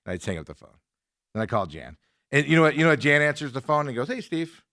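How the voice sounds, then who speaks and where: A man hosting a chat show, winding through a story with a lively, swooping delivery and acting out each person's lines along the way. His voice sits in a middle register and sounds close and dry, with almost no room sound. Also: mid-range voice, very fast, no echo. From Arizona, US. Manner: animated, acts out other people's lines in quotes. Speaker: host. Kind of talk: casual storytelling rant.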